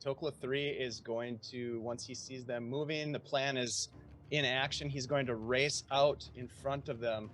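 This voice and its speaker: A man's voice: mid-range voice, fairly even intonation, measured pace, fairly bright tone, a little hiss or hum. A man playing a tabletop game and describing what his character does. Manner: narrates his character's moves. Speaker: player.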